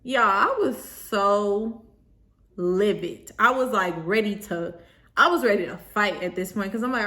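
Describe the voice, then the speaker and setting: A young woman telling a storytime vlog in an animated, slangy way, talking straight to her viewers. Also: mid-range voice, a little slow, pauses often.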